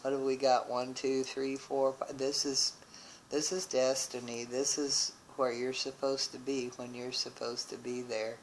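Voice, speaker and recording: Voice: medium pitch, flat delivery, unhurried, a little hiss or hum, poor audio. A tarot reader working through a card spread, thinking aloud with restarts and often exclaiming in wonder. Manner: musing, with frequent exclamations of wonder.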